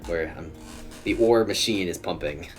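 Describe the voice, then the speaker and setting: Faint music sits behind a young man's low voice as he streams and comments casually on his play at normal speed. He often chuckles and mutters to himself.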